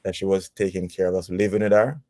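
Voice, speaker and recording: Man, low voice, dry close sound, halting casual chatter. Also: flat delivery, a little mellow, no echo. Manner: halting, repeats words, agrees often. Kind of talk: casual chat.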